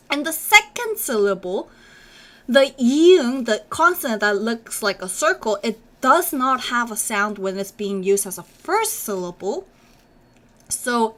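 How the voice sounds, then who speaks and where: A woman's voice: high voice, pushed and bright. A young woman teaching a live online Korean class, repeating each sound over and over and cheering on viewers as she reads their comments. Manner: drills sounds by repeating them many times; encouraging, reads chat comments aloud. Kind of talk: live-streamed language lesson.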